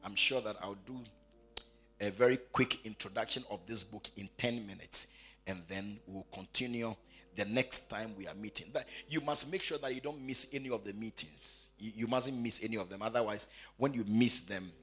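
Forceful husky male preacher. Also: on the low side, moderate pace. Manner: repeats phrases, swings from quiet asides to shouted sing-song proclamation. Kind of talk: sermon.

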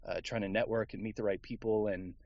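A man's voice: lowish voice, fairly even intonation, fairly quick, no room sound, highs cut off. A man from Houston, Texas, a voice actor guest in a casual interview, talking in an easygoing, rambling way with plenty of fillers.

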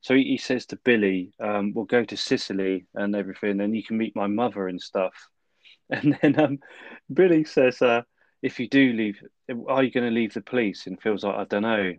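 A low-pitched, laid-back man talking through a film's ending with an easy chuckle. The sound is close and dry, slightly dull and lo-fi. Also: moderate pace, no room sound. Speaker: podcast co-host. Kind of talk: casual film review chat.

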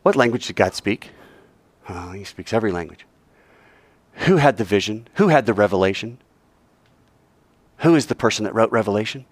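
A man's voice: lowish voice, moderate pace, long pauses, no room sound. A man leads a Bible class, firing questions at his listeners. His voice climbs and dips freely, and the recording is dry and close. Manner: animated, quizzes the class with questions. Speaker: Bible teacher.

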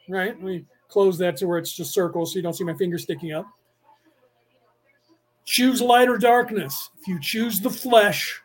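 A middle-aged man from the San Francisco Bay Area who talks in a rapid, rambling rush as he hosts a casual spiritual lecture for his podcast. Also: sits high. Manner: rapid, rambling, restless delivery. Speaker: podcast host teaching a class.

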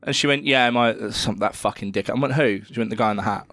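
A young British man in sweary, animated storytelling as co-host of a casual podcast chat. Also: fairly low pitch, fast talker, no room sound, studio quality. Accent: British English.

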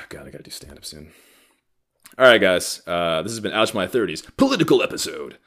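Deep-voiced man ranting forcefully. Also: brisk. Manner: blunt, profane, heated and animated. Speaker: podcast host. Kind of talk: solo ranting podcast talk.

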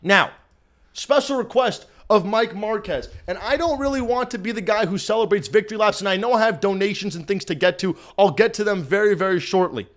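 High-pitched guy hosting a fan postgame stream from home, super hyped, yelling and cheering. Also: fairly quick. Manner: hyped, shouting, loud cheering bursts. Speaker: fan postgame show host. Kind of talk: excited livestream recap. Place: his apartment.

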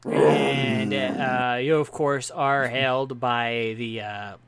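A man's voice: medium pitch, fairly even intonation, slow pace, gravelly, crowd noise. A man serving as game master, narrating in a casual, rambling way and swearing freely. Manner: rambling, swears freely, says he has been drinking.

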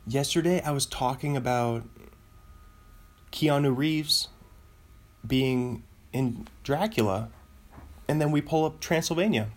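A man's voice: mid-range voice, slow pace, long pauses. A man hosting his own show, chatting casually on his own, rambling and laughing at his own jokes. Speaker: podcast host. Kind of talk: casual solo chat.

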